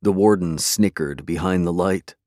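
A man narrates a story in a measured, dramatic way, his voice on the lower side. The recording is dry and close, with no room sound. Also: warm tone, dry recording. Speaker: audiobook narrator. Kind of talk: scripted narration.

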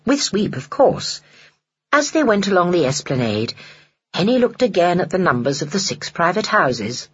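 Husky, expressive audiobook narrator. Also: mid-range voice, lo-fi sound. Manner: expressive storytelling.

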